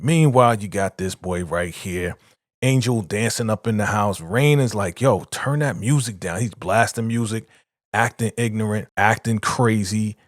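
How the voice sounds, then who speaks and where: Man, low voice, dry close sound, casual episode recap, animated retelling. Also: no echo. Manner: animated retelling, quoting characters in quick bursts. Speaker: show reaction host.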